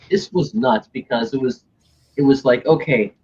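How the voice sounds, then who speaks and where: A man's voice: medium pitch, a little mellow, slightly rough. A young man telling a story in casual chat, acting out other people's lines and swearing freely. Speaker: stream host telling a story. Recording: dull lo-fi stream audio.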